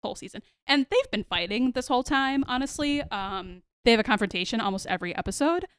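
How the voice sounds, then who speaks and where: A woman with a higher-pitched, quick voice hosts a podcast, recorded clean and dry. She recaps a TV episode in loose, chatty fashion, animatedly performing the characters' lines and calling her listeners "y'all."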